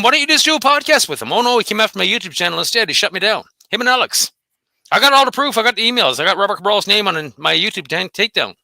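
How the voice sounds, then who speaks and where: Host: man, high bright voice, rapid profane rant, dry close mic. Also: creaky, dry recording. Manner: profane, combative, taunting. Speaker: host of a dog behavior channel. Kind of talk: angry solo rant.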